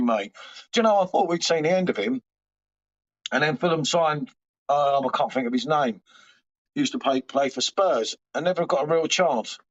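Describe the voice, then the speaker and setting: A man hosting a live stream from home, rambling and swearing casually as he chats back to viewers' comments. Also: fairly high pitch. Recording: dull lo-fi stream audio.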